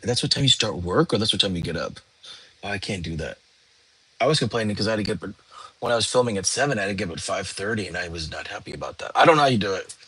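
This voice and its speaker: Tired, husky-voiced man. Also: fairly low pitch, no echo. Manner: relaxed, yawning, chatting with viewers. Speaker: livestream host. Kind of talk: casual livestream chat. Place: home, lying down.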